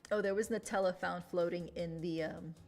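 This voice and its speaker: A chatty young woman streaming from her desk. Her lowish voice has a gravelly, creaky edge, and she laughs often and gets emotional. Faint music plays quietly behind her. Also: steady tone, moderate pace. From Latin America. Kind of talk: casual stream chat.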